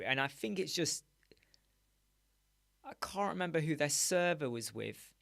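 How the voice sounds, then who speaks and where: A man hosting a casual live stream, chatting and muttering asides as he works on a website in a dark home studio with soundproof panels. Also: fairly high pitch, lively intonation, a little slow, vocal fry, dry recording. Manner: chatty, muttering asides while working on screen. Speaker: live stream host, web designer. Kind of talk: casual live-stream chat while working.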